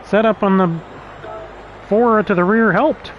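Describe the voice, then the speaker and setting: A man's voice: sits high, takes it slowly, highs cut off, slight background noise. A man casually commenting on his own sim race as a streamer, chatty and laughing often, reading out lap times. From United States.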